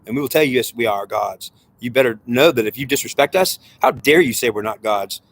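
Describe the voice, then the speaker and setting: A man's voice: medium pitch, expressive, fairly quick, slightly rough. A man giving an impassioned spiritual monologue, talking in an agitated, rambling way that keeps circling back and repeating itself. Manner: agitated and rambling, with frequent repetition.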